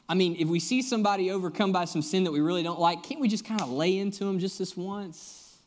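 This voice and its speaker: A man's voice: sits high, quick pace, hardly any pauses. A young man, a guest pastor preaching a sermon, telling stories and joking with the congregation in a conversational way.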